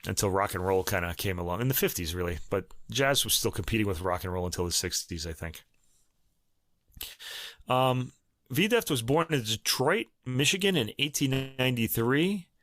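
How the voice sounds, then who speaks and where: A man co-hosting a music podcast, chatting casually and thinking aloud with many pauses and ums. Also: on the low side, lively intonation, fairly bright tone, no echo. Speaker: podcast co-host. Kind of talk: casual chat about recordings.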